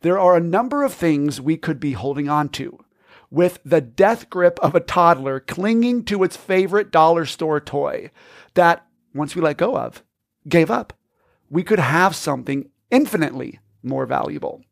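A man's voice: fairly high pitch, expressive, normal speed, vocal fry, no echo, clean studio sound. A man hosting a podcast, telling a story in an upbeat, casual way. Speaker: podcast host.

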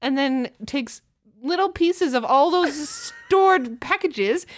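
A woman co-hosting a podcast in casual chat, telling stories about her partner in a teasing, animated way. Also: high-pitched, slow pace, no echo. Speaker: podcast co-host.

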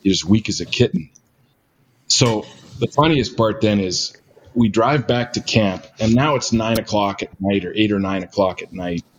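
A man's voice: on the low side, moderate pace, a little hiss or hum. An older retired man telling a story in a casual, rambling way, full of fillers and self-mocking asides. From Canada. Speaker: guest storyteller.

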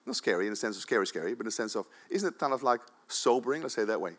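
A pastor from the Netherlands, preaching a sermon in a church, swinging between loud, emphatic urging and quiet asides. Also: male voice, on the low side, animated, very fast.

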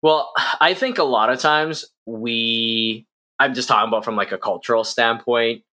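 A man's voice: medium pitch, moderate pace, bright, forceful tone. A young man co-hosting a podcast, talking reflectively in a casual conversation with plenty of fillers and restarts. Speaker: podcast co-host.

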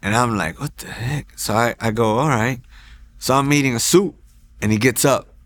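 A man telling his personal faith testimony at a church, in a casual, animated storytelling way that acts out quoted lines, with frequent restarts. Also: medium pitch, moderate pace, no room sound. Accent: Texan. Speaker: testimony speaker.

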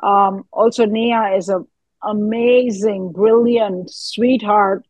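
A woman's voice: mid-range voice, fairly even intonation, slow, a little mellow, no room sound, low-quality recording. A woman in her fifties, an actress being interviewed, who talks earnestly and animatedly, with fillers and trailing thoughts. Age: 50s. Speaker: actress guest. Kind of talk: casual interview chat.

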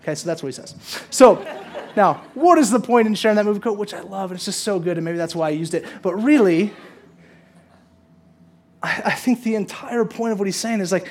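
A man's voice: high voice, a little fast. A man preaching a sermon in a casual, chatty way, often checking in with the congregation. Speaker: pastor.

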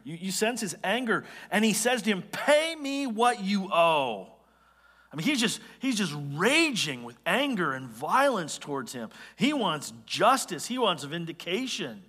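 A male pastor preaching a sermon, explaining scripture in an animated, conversational way with quick asides. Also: high voice, husky, big-room sound. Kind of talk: expository sermon.

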